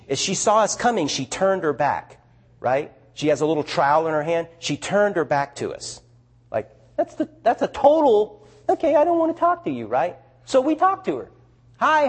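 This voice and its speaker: Southern man, missionary speaker, lively storyteller, slightly husky voice. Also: sits high. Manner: animated, chatty storyteller with restarts. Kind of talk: storytelling talk to an audience.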